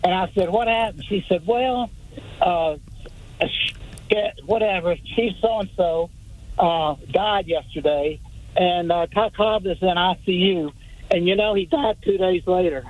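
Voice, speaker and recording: A man's voice: high voice, phone-quality sound. An older man from the Atlanta area calling into a radio show, telling an old story in a rambling way with many fillers. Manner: rambling anecdote with halting fillers. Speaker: caller. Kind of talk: phone-in storytelling.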